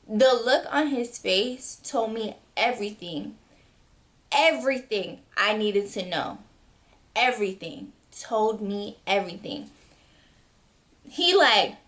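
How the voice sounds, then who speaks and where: Young woman in her 20s doing a storytime vlog, kinda high voice, super animated, jumps way up in pitch for quotes. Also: slow, pauses often. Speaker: vlogger. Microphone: camera mic.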